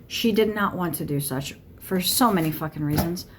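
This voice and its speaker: A woman's voice: fairly low pitch, normal speed, noisy background. A woman giving a channeled monologue to camera, blunt and irritated, swearing constantly. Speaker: tarot channeler.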